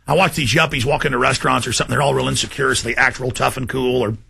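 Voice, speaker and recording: Gravelly ranting male talk host. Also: medium pitch, steady tone, racing. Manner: ranting, shouts in bursts, addresses folks directly. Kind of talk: impassioned monologue.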